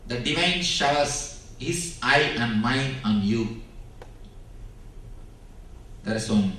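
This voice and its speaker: Male spiritual teacher, slow emphatic preaching, distant and boomy hall sound. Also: bright, forceful tone. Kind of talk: spiritual discourse. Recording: very echoey hall, speaker off mic.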